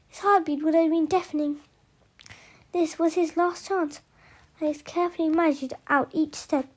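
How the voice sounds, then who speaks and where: High-voiced woman reading a novel aloud, stumbling. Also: mellow. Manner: stumbling, frequently restarting words and misreading. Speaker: reader of an audiobook.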